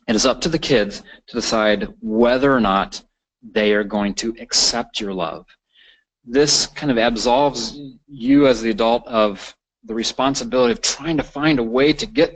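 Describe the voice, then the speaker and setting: A man's voice: mid-range voice, expressive, normal speed, poor audio. A man presenting a continuing-education lecture on parenting, talking unscripted with many fillers and restarts. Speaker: counselor presenting a training course.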